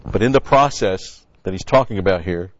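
A man's voice: low voice, moderate pace, a little hiss or hum. A man preaching a sermon-style Bible teaching in a conversational, folksy way, repeating key phrases. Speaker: pastor. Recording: dry, dull lo-fi sound.

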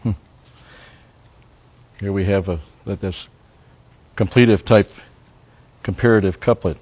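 A Bible teacher with a low-pitched male voice preaches verse by verse in a relaxed, conversational style, wandering into Hebrew word studies and tossing wry asides to his listeners. He speaks a little slowly with long pauses, and his tone is darkish and slightly rough. The recording sounds muffled and lo-fi.

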